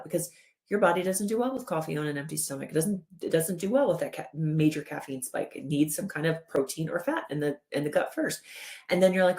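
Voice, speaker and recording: A woman in her thirties giving a lively explanatory talk as a wellness educator, walking through a chart and acting out the body's voice in quotes. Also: low voice, fast talker. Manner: animated, acts out the body's inner voice in quotes.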